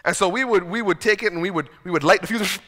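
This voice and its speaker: A man delivers a sermon from the pulpit, his voice bright and a little higher than most. He talks conversationally and pokes fun at himself, often stumbling over repeated words before a sentence gets going. The sound carries a long reverb from the church hall. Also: fast talker. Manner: conversational, self-deprecating, repeats words when starting sentences. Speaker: pastor. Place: church sanctuary.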